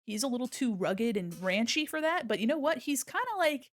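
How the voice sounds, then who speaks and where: Baby talk for her cat creeps into the casual chat of a woman streaming her art from home on a desk mic mounted on an arm. She speaks fairly quickly, animated, in a voice a little on the high side.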